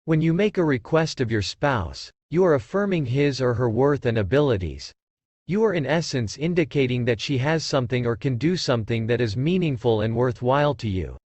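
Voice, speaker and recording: A man giving a scripted narration of a book summary in a calm, measured reading voice. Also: medium pitch, no room sound.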